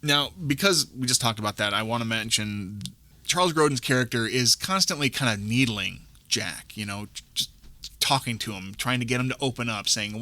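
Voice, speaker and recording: A man's voice: mid-range voice, fairly quick, sharp tone. A man co-hosting a podcast, talking casually about a film in a rambling way with lots of restarts. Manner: rambling, restarts often, quotes lines from the film. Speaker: podcast co-host.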